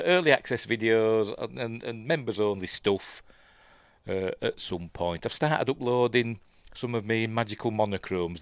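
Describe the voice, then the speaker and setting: Yorkshire bloke doing a chatty live news stream, lowish voice, keeps going off on little tangents. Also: male voice, no echo, clean studio sound. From Yorkshire, England. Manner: rambling, chatty, breaks off to mutter about the stream.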